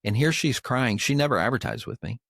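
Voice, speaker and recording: A man's voice: medium pitch, expressive, a little fast, creaky, a bit bright, no room sound, clean studio sound. An older man co-hosting a podcast, telling a personal faith story in an earnest, emotional way. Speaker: podcast co-host. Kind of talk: heartfelt storytelling chat.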